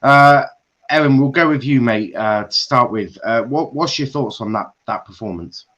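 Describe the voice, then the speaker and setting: A man hosting a football chat stream, introducing the results and handing over to guests in a relaxed, friendly way. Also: mid-range voice, moderate pace. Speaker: host. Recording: dull lo-fi call audio.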